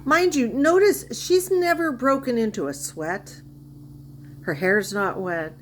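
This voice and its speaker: Woman commentator, mocking, incredulous, high-ish voice. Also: slow, slight background noise. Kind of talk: sarcastic reaction commentary.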